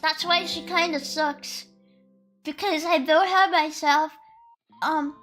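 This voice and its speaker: A woman streamer talks in a very high, bright voice at an unhurried, drawn-out pace. Her chat is casual, giggly and sarcastic, with frequent swearing. Soft lo-fi music plays faintly behind her. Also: fairly even intonation.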